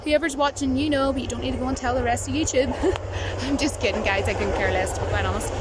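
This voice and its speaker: A woman's voice: fairly high pitch, quick pace, noisy background. A woman vlogger chatting casually to camera, rambling and giggling, with a touch of self-mocking nerves. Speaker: movie vlogger.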